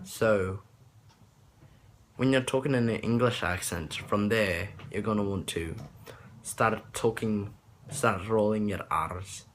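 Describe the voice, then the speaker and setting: A young man talks slowly through a casual accent tutorial, stopping often on ums and restarting his sentences. A faint hiss sits under his voice. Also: lowish voice. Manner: rambling, hesitant, many ums and restarts.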